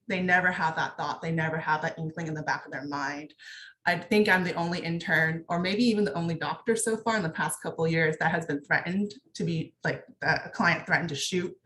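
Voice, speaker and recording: A woman's voice: low-pitched, fairly quick, bright, forceful tone, slight background noise. Candid young woman in an echoey room. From Texas. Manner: candid, conversational, many fillers. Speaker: veterinarian panelist. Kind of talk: panel discussion, personal account.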